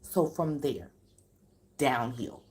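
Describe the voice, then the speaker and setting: Woman host, live-stream commentary, emphatic, animated pitch, keeps repeating herself. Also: drawn-out words. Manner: addresses viewers directly.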